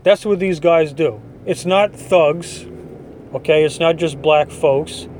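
A man hosts a podcast and rants through his opinions in a blunt, dismissive way. His voice sits a little high for a man. A faint city hum runs underneath. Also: slow pace, a little mellow. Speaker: podcast host. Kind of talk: opinion monologue.

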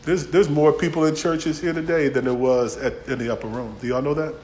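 A man preaching a folksy sermon, swinging from shouts to near-whispers. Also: fairly high pitch, steady tone, fairly quick, roomy sound, slight background noise. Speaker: pastor.

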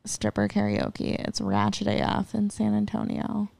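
A woman's voice: mid-range voice, completely flat delivery, normal speed, creaky, a little mellow, no echo. A young woman, chatting bluntly and swearing freely. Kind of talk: casual chat.

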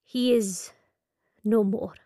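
A woman voicing a grieving, resolute Catholic nun who speaks in a quiet, measured way, in an audiobook. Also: medium pitch, no room sound, studio quality. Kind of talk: audiobook character voice.

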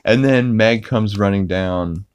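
A man's voice: deep voice, a little slow, clear, resonant tone, no echo, highs cut off. A man hosting a podcast, recapping an episode in a casual, rambling way with many fillers and restarts. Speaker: podcast host.

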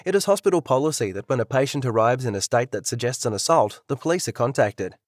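Narrator as a calm doctor, matter-of-fact, dry close sound. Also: male voice, medium pitch, quick pace, no echo, close to an everyday voice. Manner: calm, informative. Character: calm male hospital doctor.

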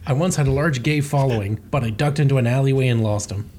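A man's voice: medium pitch, fast talker, darkish tone, slight background noise. Man telling one-liners on a podcast. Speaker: podcast co-host. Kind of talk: casual chat.

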